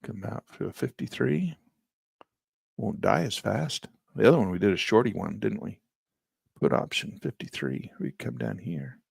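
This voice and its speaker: A hoarse man who keeps clearing his throat, thinking aloud as a trading instructor while he walks through placing trades in a live session. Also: on the low side, lively intonation, moderate pace, no echo, studio quality.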